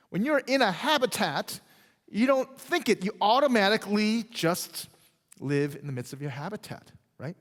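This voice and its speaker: A man preaches in a church sanctuary, his voice leaping in pitch and volume from punchy emphasis down to hushed, slowed phrases. He keeps the congregation close with frequent "right?" and "okay?" The sound carries the long reverb of a large hall. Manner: animated preaching, swinging from loud emphasis to quiet, drawn-out phrases; conversational, checks in with "right?" and "okay?". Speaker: pastor. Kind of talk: sermon.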